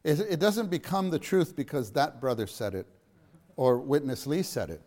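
A man's voice: a little high, animated, normal speed, a little mellow. Earnest middle-aged man teaching a church lesson. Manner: earnest, repeats phrases for emphasis. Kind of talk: church teaching talk to a gathering.

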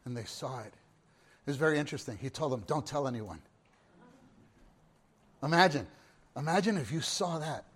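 A male preacher with a fairly high voice delivers a sermon that swings from hushed murmurs to loud, ringing exclamations. He repeats phrases for emphasis and keeps putting questions to his listeners. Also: animated, a little fast, husky.

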